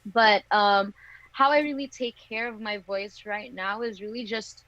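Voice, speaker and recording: A woman's voice: mid-range voice, fairly even intonation, a little slow, fairly bright tone, dry recording. Woman singer on a dull, dry call. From Philippines. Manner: candid, laughs often between thoughts. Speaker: singer, interview guest. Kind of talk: casual interview chat.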